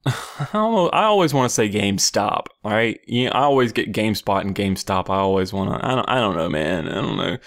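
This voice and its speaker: Giggly, lower-voiced man hosting a gaming podcast. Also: lively intonation, a little fast. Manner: giggly, laughing often, loose and profane. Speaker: podcast host. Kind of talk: casual gaming news podcast.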